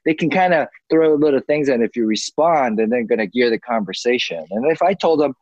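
A man's voice: medium pitch, animated, brisk, darkish tone, dry recording, lo-fi sound. A man in his forties in casual chat, ranting heatedly and swearing freely. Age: 40s.

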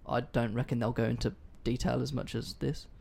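A man's voice: medium pitch, little pitch movement, fairly quick, vocal fry, darkish tone, a little hiss or hum. A man hosting a casual history podcast, chatty and offhand, swearing freely. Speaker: podcast host.

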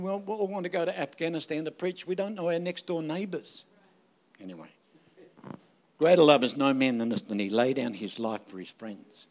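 An older man preaching a sermon, joking and asking the audience emphatic rhetorical questions. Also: a little high. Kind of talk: sermon with humorous stories.

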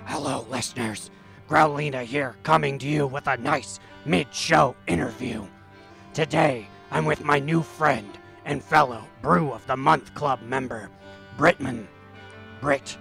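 A man doing a gravelly sketch hostess. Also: mid-range voice, measured pace, bright, forceful tone, soft background music, heavily acted. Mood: chummy. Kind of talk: comedy sketch interview.

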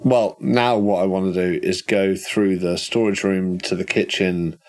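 Deep-voiced man playing a tabletop game. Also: steady tone, unhurried. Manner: matter-of-fact, planning aloud, casual swearing. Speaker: player.

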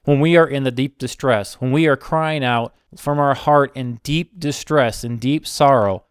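A man preaching a Bible sermon, slow and emphatic, repeating short phrases. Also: mid-range voice, clean tone, dry recording, clean studio sound.

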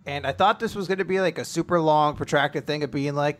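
Podcast co-host, male, slightly higher voice, animated storyteller doing characters' lines. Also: brisk. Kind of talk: casual chat recapping manga chapters.

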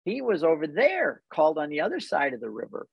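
An older man explaining Bible stories in casual conversation, animated and full of rhetorical questions. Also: a little high, brisk, creaky, breathy edge, no room sound, muffled recording. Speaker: guest.

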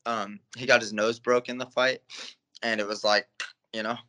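A man's voice: on the low side, little pitch movement, normal speed, bright, forceful tone. A young man, a guest fighter, telling stories in a laid-back, casual interview, with plenty of fillers and swearing.

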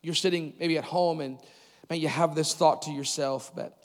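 A man preaching a sermon at a church service, animated, with loud emphatic peaks and quick asides. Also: a little high. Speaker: pastor. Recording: long reverb of a large hall.

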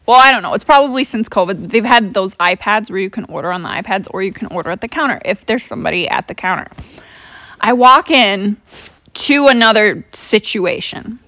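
Speaking at a moderate pace, this young female podcast host has a mid-range, slightly bright voice, captured cleanly in the studio without echo. Her storytelling is casual, chatty, profane and heavy on fillers.

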